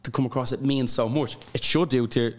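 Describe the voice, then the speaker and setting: A man's voice: medium pitch, a little fast. Laughing young Irish man telling stories. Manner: animated storyteller, laughs often. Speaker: guest. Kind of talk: casual chat.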